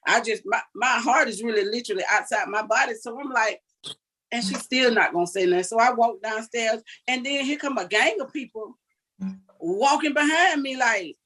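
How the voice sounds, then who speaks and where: A woman's voice: on the high side, moderate pace, a bit bright, rough recording. An older woman, giving an earnest, vivid personal account as an interview guest. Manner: earnest, recounting vividly with quoted dialogue.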